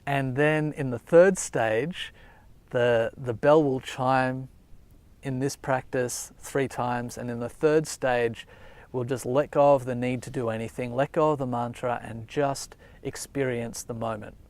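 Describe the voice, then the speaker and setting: A man calmly explaining a meditation technique, talking gently and reflectively at an unhurried pace. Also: medium pitch, dry recording. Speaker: meditation teacher. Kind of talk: calm spoken meditation guidance. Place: outdoors.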